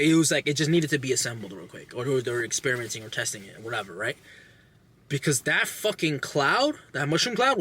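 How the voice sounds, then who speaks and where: A young man casually recapping a movie plot with lots of swearing, animated and acting out lines. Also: a little high. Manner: animated, profane, acts out characters' lines. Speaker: podcast host reviewing a movie.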